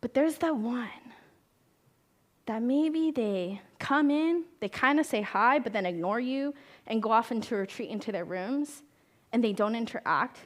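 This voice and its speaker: A woman's voice: fairly high pitch, expressive, a little slow. A young woman, a therapist, giving a conversational talk to parents. She asks the audience questions and acts out the voices she quotes. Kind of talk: talk at a conference.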